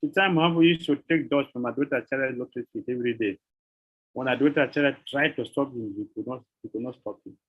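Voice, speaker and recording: Husky man giving an animated devotional lecture. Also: medium pitch, quick pace, narrow, tinny audio. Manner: animated storytelling with rhetorical questions. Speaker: spiritual teacher.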